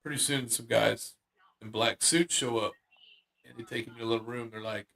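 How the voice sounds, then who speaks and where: A man with a gravelly, creaky voice spins a long, rambling secondhand tale. He talks in a casual, conversational way, full of "uh" and "you know" as he goes. His pitch sits right in the middle for a man. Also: fairly even intonation, normal speed, fairly bright tone. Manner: rambling secondhand storytelling with many fillers. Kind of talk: casual storytelling chat.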